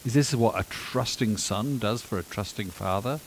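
A man delivering a sermon, animated and emphatic, with dry self-deprecating humor. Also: fairly low pitch, normal speed, a little hiss or hum, rough recording. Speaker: preacher.

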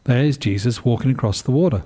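Speaking at medium pitch and a quick pace, a man preaches a sermon in an animated, conversational style, frequently putting questions to his audience.

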